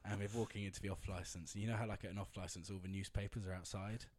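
Low-voiced man, casual rambling raconteur. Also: fairly even intonation, racing, a little mellow. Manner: rambling, laughing, lots of fillers. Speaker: storyteller guest. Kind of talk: casual anecdote.

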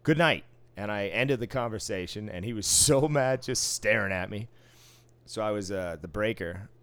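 A man's voice: fairly low pitch, normal speed, a bit bright, no echo. A man casually telling a work story from the casino floor, profane and wry, acting out the exchanges he quotes.

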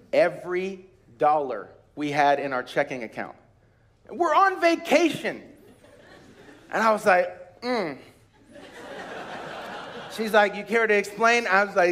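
Man, pastor, high voice, animated storytelling sermon, acts out voices, shouts praise. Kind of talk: sermon with personal stories. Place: church retreat.

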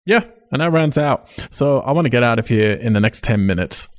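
In a casual chat, a male podcast host speaks at a medium pitch, animated and a little fast, with no room sound. He keeps things laid-back, swearing casually and laughing often.

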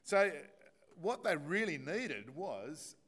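A man's voice: lowish voice, expressive, moderate pace. A man with an Australian accent, a pastor giving an evening sermon with a prayer, telling stories in a conversational, self-deprecating way with many fillers. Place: church.

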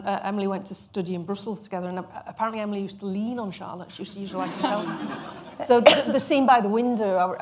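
A woman on a panel talks through her choices as director. She thinks aloud, restarting her sentences as she goes, in an ordinary middle-pitched voice. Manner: thoughtful, restarting often. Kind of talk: panel discussion.

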